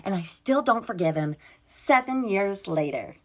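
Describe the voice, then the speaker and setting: A woman's voice: medium pitch, animated, unhurried. Young woman ranting a storytime, exasperated, swears a lot, does everyone's lines. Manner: exasperated, swears freely, quotes herself and others. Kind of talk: casual storytime vlog.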